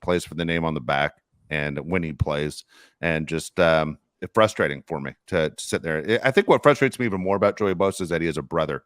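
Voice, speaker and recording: A middle-aged man hosting a sports podcast, telling stories in casual, animated chat. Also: a bass voice, fairly quick, no room sound, studio quality. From Los Angeles area. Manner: storytelling, animated, swears casually. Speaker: podcast host.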